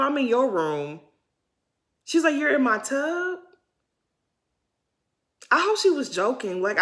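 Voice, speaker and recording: A woman's voice: fairly high pitch, a bit bright. A woman giving a casual, opinionated recap of a reality TV episode, talking in chatty slang and laughing often. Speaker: recap host.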